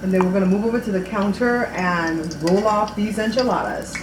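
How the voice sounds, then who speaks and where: A woman's voice: medium pitch, brisk, noisy background. A woman hosting a home cooking show in casual chat, chatty and repetitive, talking to viewers as guys. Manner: chatty, repeats words, addresses viewers as guys.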